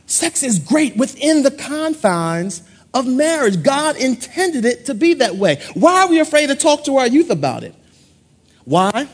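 A middle-aged male pastor, preaching a playful call-and-response sermon in a husky voice. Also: extremely high pitch, sing-song, a little slow.

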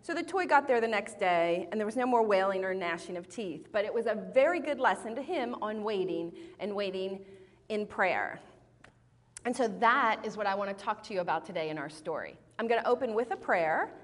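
A woman teaches a women's group in a sermon style, telling stories with lively, expressive rises and falls in her voice. Her voice sits in a middle register. A long reverb from a large hall hangs behind her words. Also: medium pitch, normal speed. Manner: animated, expressive storytelling. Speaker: speaker at a women's Bible study.

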